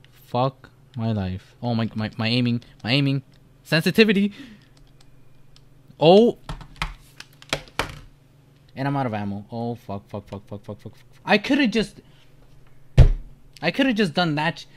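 A young man talks through a horror game in loose let's-play commentary, cursing and rambling. He startles easily, and his pitch leaps up when he panics before dropping back to a mutter. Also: a little mellow. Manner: jumpy, profane, rambling reactions. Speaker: gamer.

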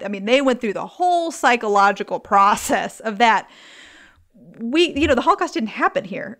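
A woman's voice: medium pitch, a bit bright. A woman with a mid-range voice speaks as a podcast guest. She explains things carefully and thoughtfully. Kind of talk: casual conversation.

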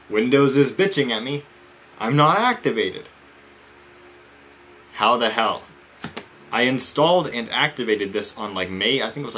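A man's voice: fairly low pitch, fairly bright tone, a little hiss or hum. Exasperated man ranting with lots of swearing. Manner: exasperated, swears a lot, addresses viewers as guys and man. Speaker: vlogger. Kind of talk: casual ranting vlog.

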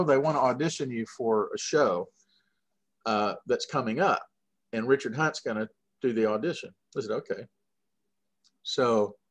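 A middle-aged man from Georgia with a Southern accent, telling long, animated anecdotes full of fillers in a casual interview. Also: mid-range voice. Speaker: guest puppeteer.

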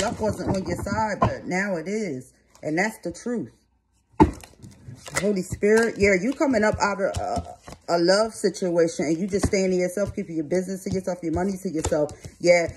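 A woman doing a tarot reading with blunt, streetwise talk and frequent swearing, her pace uneven between slow phrases and quick bursts. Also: lowish voice, very noisy. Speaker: tarot reader. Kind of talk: tarot reading and card commentary.

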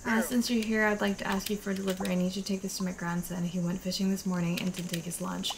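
A woman's voice: mid-range voice, flat delivery, quick pace, vocal fry, background noise, close to an everyday voice. A woman voicing a kindly old male sailor in a game, reading his lines in her own voice.

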